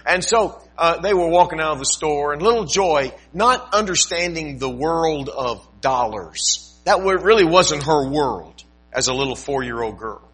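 A man's voice: on the high side, expressive, unhurried, fairly bright tone, husky, rough recording. An older man preaching a sermon, telling a story in a folksy way with asides and emphatic rises. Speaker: pastor.

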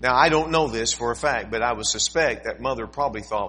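A man's voice: mid-range voice, a little fast, bright, forceful tone, slight background noise, rough recording. An older man preaching a sermon, telling a story in a folksy way with asides and emphatic rises. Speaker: pastor.

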